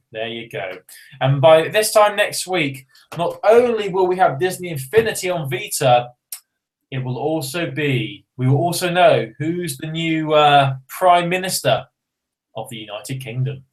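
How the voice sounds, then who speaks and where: A chatty man co-hosting a podcast, rambling from one joke to the next. His voice sits a little high and swings widely up and down as he talks. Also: lively intonation, a little slow, rough recording. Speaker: podcast co-host. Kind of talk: casual podcast chat.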